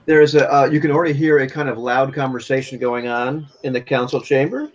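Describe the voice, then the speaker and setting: A man's voice: medium pitch, fairly even intonation, a little fast, lo-fi sound, slight background noise. A man running a tabletop game as game master, narrating and explaining rules with frequent restarts.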